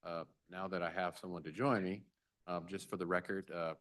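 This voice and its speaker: Deep-voiced man chairing a meeting. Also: fairly even intonation, fairly bright tone. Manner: halting, jokey auctioneer banter. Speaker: mayor presiding over a budget meeting. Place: government meeting chamber.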